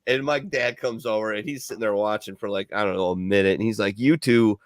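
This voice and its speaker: A veteran radio co-host from Milwaukee rambles through profane stories in casual, filler-heavy chat. His voice sits on the low side, with a steady tone and a quick pace.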